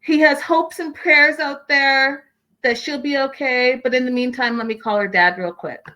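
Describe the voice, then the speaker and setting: A woman hosting a casual recap show, reading out viewer comments and giving her own blunt, animated opinions straight to viewers. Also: high-pitched, normal speed, low-quality recording. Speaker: host.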